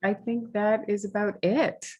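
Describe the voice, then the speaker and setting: A woman's voice: medium pitch, flat delivery, a little slow, darkish tone, dull audio. A woman author from New England, reading passages from her novel at a library event, with hesitant remarks between readings.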